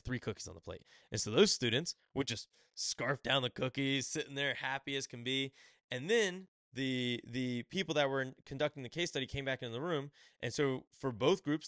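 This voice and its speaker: A man's voice: medium pitch, a bit bright, no room sound, studio quality. A man hosting his own podcast, reviewing a book in casual chat and acting out little quotes as he rambles. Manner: rambling, acts out quotes in quick asides. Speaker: podcast host.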